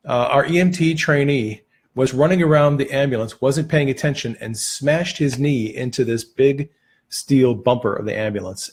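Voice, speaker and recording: Male teacher, mid-pitched, slightly husky, relaxed storyteller with filler pauses. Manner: relaxed storytelling with frequent "uh" and restarts. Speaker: Christian teacher on healing prayer. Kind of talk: teaching through personal stories.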